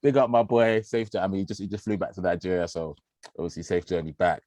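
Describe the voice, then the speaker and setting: Brief: low-pitched man, podcast co-host, excitable slangy football talk, dry close-miked sound. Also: fast, no room sound. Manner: animated, slangy, swears freely, laughs often. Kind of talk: casual football chat.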